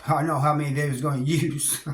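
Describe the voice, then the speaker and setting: A man's voice: a little high, flat delivery, brisk. A man casually telling a story about his time in prison, plainspoken and loose, with slang, wry chuckles and lots of "you know.". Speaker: vlogger recounting prison experiences. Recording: roomy echo.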